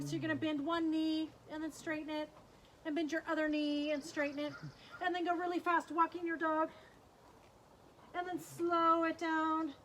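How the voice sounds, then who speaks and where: A woman's voice: high-pitched, fairly bright tone, slight background noise. A woman leading a guided kids yoga class, cueing poses in an upbeat, playful way and making animal sounds.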